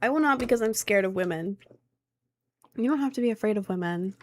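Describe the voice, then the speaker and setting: A woman's voice: medium pitch, animated, brisk. A woman in her twenties, streaming and chatting with her viewers, rambling and self-conscious with lots of filler words. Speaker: streamer answering chat. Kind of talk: casual chat.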